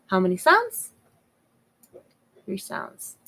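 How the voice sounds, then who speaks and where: A woman teaching first graders a phonics lesson, slowly and patiently sounding out each word. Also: mid-range voice, sing-song, low-quality recording. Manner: sounds out words slowly and clearly. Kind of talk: slow, patient phonics lesson for young children.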